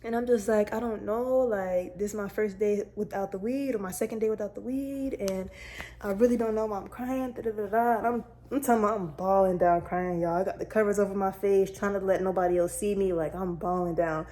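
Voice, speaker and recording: A young woman talks straight to her viewers in a relaxed, candid vlog. Her voice is mellow and warm, with a middling pitch. She speaks casually and openly, like she is catching up with friends. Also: a little fast. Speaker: vlogger. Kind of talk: casual personal storytelling to camera.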